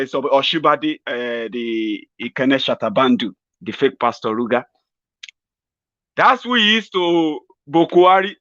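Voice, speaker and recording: A man's voice: mid-range voice, fairly bright tone, no room sound. Nigerian male vlog host, sarcastic rambling commentary, dull dry sound. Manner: sarcastic, rambling, laughing at his own jokes. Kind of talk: mocking political commentary vlog.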